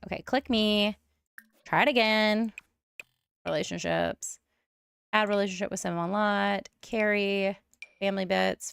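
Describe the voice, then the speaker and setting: A woman streamer talks her way through a life-sim game in a loose, excitable, thinking-aloud manner. Her voice is smooth and resonant with a gravelly fry underneath. The sound is dry and close. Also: mid-range voice, dry recording. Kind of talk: casual gameplay commentary.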